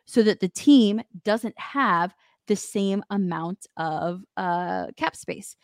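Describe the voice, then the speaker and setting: A woman's voice: mid-range voice, slow pace, dry recording, clean studio sound. A woman co-hosting a sports podcast, chatting casually and thinking aloud. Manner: conversational, thinks aloud with fillers. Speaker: podcast co-host.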